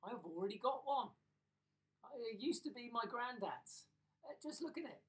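A man voicing a brisk, no-nonsense village woman in a storybook reading, matter-of-fact. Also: very high voice, expressive, far from the mic, pitched above the performer's own voice.

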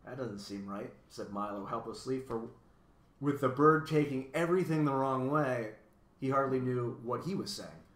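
A man reading a children's story aloud as narrator, in an expressive, even storytelling manner, in a roomy recording. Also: medium pitch, normal speed. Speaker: audiobook reader.

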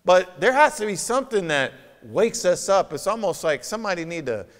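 A man's voice: high-pitched, very animated, brisk. Emphatic preaching man in reverberant church. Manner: emphatic, conversational preaching with rhetorical questions. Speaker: pastor. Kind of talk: sermon. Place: church sanctuary. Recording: long reverb of a church hall.

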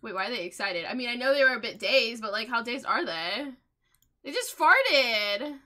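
A young woman host chatting excitedly over her gameplay, with many gasps, laughs and quick exclamations. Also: on the high side. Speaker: gaming channel host. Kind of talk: casual gameplay commentary.

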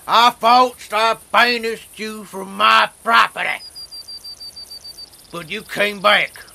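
A jittery hillbilly leader, voiced by a man, with a high, bright, creaky voice. He drags every line out with folksy exclamations in a homemade comedy musical. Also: full character voice, low-quality recording. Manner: folksy drawl, exclaims "dear Lordy", theatrical.

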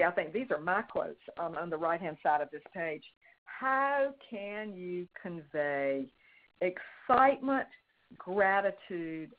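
A woman teaching fundraising in an emphatic, conversational way, full of fillers and restarts. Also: fairly low pitch. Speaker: fundraising consultant presenter. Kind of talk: webinar teaching. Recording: tinny phone-like line.

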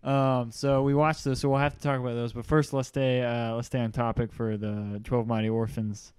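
Chatty young male host, clear voice. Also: mid-range voice, little pitch movement, moderate pace, darkish tone, no room sound. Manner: chatty, laughs often, jokey. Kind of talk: casual interview chat.

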